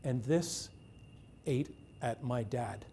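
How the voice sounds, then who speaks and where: A man, a journalist, telling a true first-person story on stage with measured pacing, dramatic pauses and dry irony. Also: medium pitch, mellow, slight background noise.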